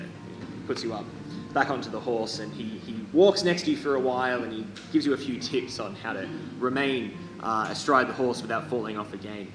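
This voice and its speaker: A man's voice: medium pitch, expressive, a little fast. A man narrating as game master of a live tabletop game, rambling and correcting himself with many fillers. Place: hall. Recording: echoey hall with background noise.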